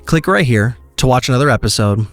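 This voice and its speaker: A man's voice: mid-range voice, expressive, fairly quick, music in the background. A male podcast host closing an interview in an upbeat, appreciative way. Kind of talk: casual interview wrap-up.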